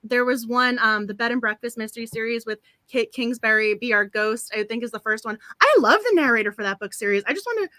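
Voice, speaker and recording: A woman hosting a book club stream, chatting casually with frequent giggles and quick apologies. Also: on the high side, expressive, bright, forceful tone, no room sound. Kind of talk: casual live-stream chat.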